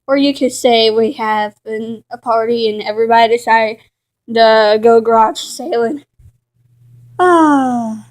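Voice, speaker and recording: A woman's voice: on the high side, little pitch movement, moderate pace, a little mellow. A woman narrating and voicing toy cats in a casual, drawling, slangy way for a homemade skit.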